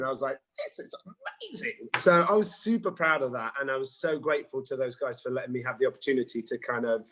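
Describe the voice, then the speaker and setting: A man's voice: medium pitch, poor audio. A man in his forties from England, a guest in a casual interview, telling stories with animation and acting out quotes. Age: 40s. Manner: animated storyteller, acts out quotes. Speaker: actor and guest.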